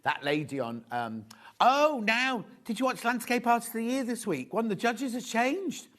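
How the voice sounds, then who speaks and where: A man's voice: very high voice, animated, normal speed, a bit bright. A man presenting fabrics on a live shopping channel in a TV studio, chatty and rambling, with gossipy asides. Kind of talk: live TV selling chat.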